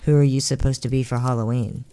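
A blunt, skeptical young boy, put on by a man, talks in a raised, higher voice. He sounds matter-of-fact and a bit whiny, with a faint hiss of noise behind him. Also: little pitch movement, fast, warm tone, natural voice.

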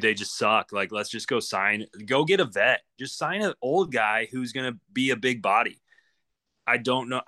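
A man's voice: on the low side, fairly bright tone. A man co-hosting a sports podcast, ranting in frustration about his team. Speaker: podcast co-host.

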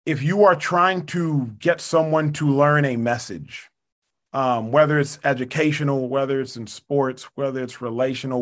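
A young man guest on a podcast, making his case in a measured, earnest way with precise wording. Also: medium pitch. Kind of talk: casual debate.

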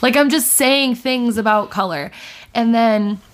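A woman hosting a podcast, telling stories in a chatty, animated way full of "like" fillers. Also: a little high, a little slow. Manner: chatty storyteller, lots of "like" fillers, animated retelling. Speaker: podcast host. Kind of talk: casual chat.

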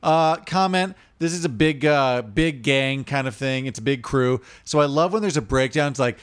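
A man's voice: medium pitch, normal speed, clean tone. A man co-hosting a casual movie podcast who hedges his opinions and laughs often. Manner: chatty, hedging, laughs often. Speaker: podcast co-host.

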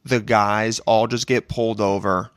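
A man's voice: lowish voice, flat delivery, measured pace, a bit bright, smooth, no echo, studio quality. A man hosting a loose, joking chat, cursing freely. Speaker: podcast host. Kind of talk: casual chat.

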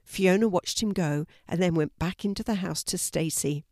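An older woman reading a children's story aloud in a calm, clear, gentle way. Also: lowish voice, moderate pace, no echo, clean studio sound.

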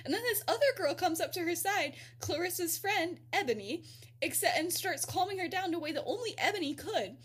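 A woman's voice: very high voice, expressive, fairly quick, a bit bright. A woman hosting a podcast, retelling a story in a casual, giggly way with many filler words. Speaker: podcast host.

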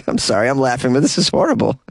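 A man's voice: fairly high pitch, breathy edge, no echo. A man hosting a comedy news podcast, reading stories and breaking in with sarcastic, mock-outraged jokes and frequent laughs. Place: small closet.

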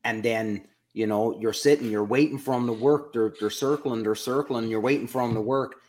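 A Canadian man hosting a casual chat, telling stories in an animated way. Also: mid-range voice, moderate pace.

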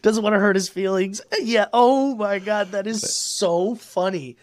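An excitable young man rambles through a casual podcast chat, stacking up fillers and breaking into laughs. His voice sits a little high for a man. The sound is close and dry, with no room around it. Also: a little slow, no echo. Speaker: podcast co-host.

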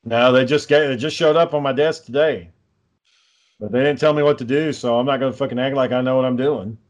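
Brief: relaxed male co-host, mid-pitched, drawling, conversational. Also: a little fast. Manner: laid-back, asks questions, drawls y'all. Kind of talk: casual chat.

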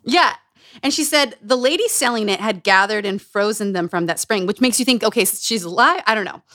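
A woman's voice: medium pitch, brisk, bright, forceful tone, no echo, clean studio sound. A woman hosting a podcast, chatting casually about a book with guests, often laughing and retelling with animation. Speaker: podcast host. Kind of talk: casual book club chat.

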